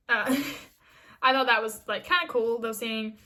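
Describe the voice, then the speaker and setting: A woman's voice: a little high, fairly even intonation, measured pace, sharp tone. A woman casually recapping a TV episode in a chatty vlog, full of fillers and restarts. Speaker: TV episode reviewer.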